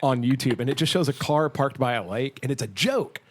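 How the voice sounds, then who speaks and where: Fast-talking man, swearing and laughing. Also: medium pitch, expressive. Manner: rapid, profane, laughing storyteller. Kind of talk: casual chat.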